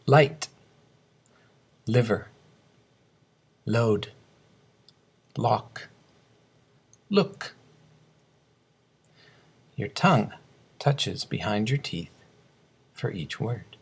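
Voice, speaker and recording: A man teaching English pronunciation, reading slow word drills and explaining sounds. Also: medium pitch, lively intonation, slightly rough. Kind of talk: scripted lesson narration.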